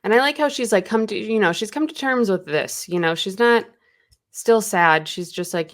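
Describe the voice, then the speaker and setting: A woman's voice: mid-range voice, moderate pace. A woman co-hosting a casual book podcast, chatting with many fillers and reading passages aloud. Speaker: podcast co-host.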